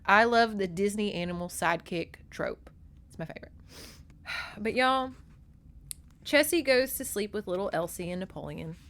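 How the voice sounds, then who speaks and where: A woman's voice: medium pitch, creaky, a bit bright. A young adult woman hosting a podcast, recapping a novel in a chatty, gushing way, swearing freely, close on a microphone. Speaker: podcast host. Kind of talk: casual book recap.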